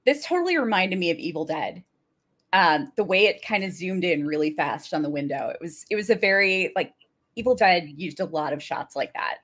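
A woman's voice: fairly low pitch, a little fast. A woman co-hosting a podcast, recapping a TV episode in casual chat, acting out quotes and laughing often. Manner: animated storytelling, acts out quotes, laughs often. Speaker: podcast co-host.

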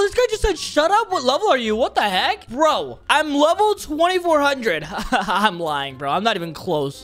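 A young man narrates his gameplay in a high voice that jumps all over, hyped and joking between lines. Soft music plays under him. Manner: hyped, joking, says bro a lot. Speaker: gaming YouTuber. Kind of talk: excited gameplay commentary. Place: friend's house.

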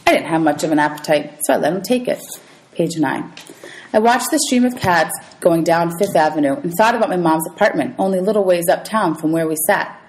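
Woman teacher, read-aloud storyteller, slightly low voice, lively. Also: a little fast, low-quality recording. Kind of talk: reading a novel aloud to students.

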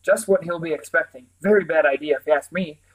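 A man's voice: a little high, fast talker, lightly acted, rough recording. A man voicing a pompous, blustering army colonel in a storybook reading, with a plummy, self-important manner. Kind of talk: storybook character voice.

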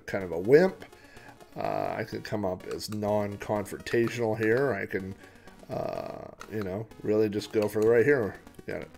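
A man's voice: on the low side, gravelly, a little mellow. A man from Oklahoma hosting a podcast, giving rambling, hesitant gameplay commentary with frequent chuckles. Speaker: podcast host.

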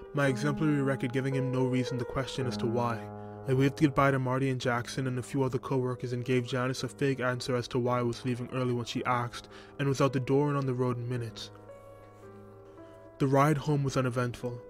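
A man narrating a first-person horror story in a steady, even storytelling manner. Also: medium pitch. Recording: music bed under voice.

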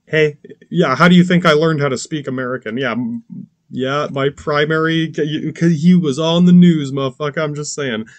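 A man's voice: a little high, moderate pace, no room sound. A man hosting a podcast in a casual, profane rant, rambling with many restarts, asides and curses. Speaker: podcast host.

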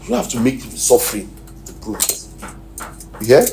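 A Nigerian-accented man preaching a sermon as pastor, swinging from loud shouted exhortations to quiet near-whispers. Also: medium pitch, sing-song, a little fast, vocal fry. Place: church hall. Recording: echoey hall, distant mic, faint noise.

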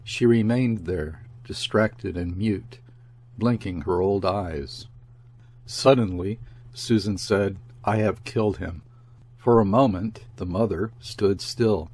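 A man narrating a classic story as an audiobook reader, in a measured, unhurried way. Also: on the low side, darkish tone, breathy edge. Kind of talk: scripted literary narration.

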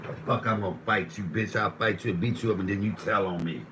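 A man's voice: fast talker, background noise. Profane ranting man on a live stream. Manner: profane, loud ranting, swings from low mutters to raised shouts. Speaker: livestream host. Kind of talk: live-stream rant while cooking.

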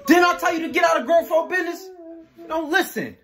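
A man voicing a loud, sharp-tongued mother who swears and scolds her son in a comedy skit. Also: sits high, very animated. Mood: scolding. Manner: swearing, exasperated, rapid scolding.

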